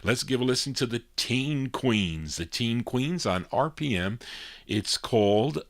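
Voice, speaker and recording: A man's voice: mid-range voice, lively intonation, a little slow, no echo. A man hosting a live oldies record show, chatting casually between songs with easy fillers. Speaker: radio DJ host.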